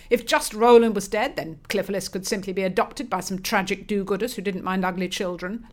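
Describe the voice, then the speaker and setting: A woman with a mid-pitched voice reads a bawdy comic story. She keeps a straight face, letting the absurd lines land on their own. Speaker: narrator.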